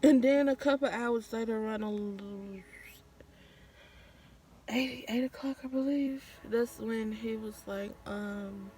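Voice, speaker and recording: A woman's voice: a little high, takes it slowly, warm tone, slight background noise. A woman vlogger, telling a candid, profane story in casual storytime style. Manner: candid, profane, acts out quotes.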